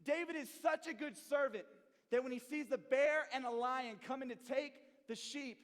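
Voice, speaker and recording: A young man preaching to a youth group, telling a story with lively, slangy energy. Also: very high voice, moderate pace, big-room sound. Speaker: youth pastor. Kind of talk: sermon to youth.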